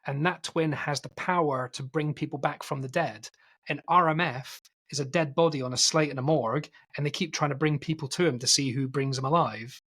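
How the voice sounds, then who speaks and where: A man co-hosting a film podcast, casually retelling a film's plot in a rambling, animated way and acting out quotes. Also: a little high, brisk, slightly rough. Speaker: podcast co-host.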